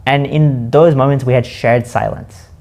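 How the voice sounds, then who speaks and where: Guy with a gravelly voice thinking out loud, slow and reflective, asks himself stuff. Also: mid-range voice, fairly even intonation. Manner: slow, musing, questions himself aloud. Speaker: host. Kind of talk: reflective spoken monologue.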